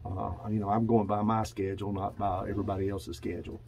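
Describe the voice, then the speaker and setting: A man's voice: on the low side, flat delivery, fast, gravelly, darkish tone, a little hiss or hum, low-quality recording. A man in his seventies with a Kentucky accent, a pigeon breeder rambling through a casual walkthrough of his loft, full of fillers and repeats. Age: 70s. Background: pigeons cooing.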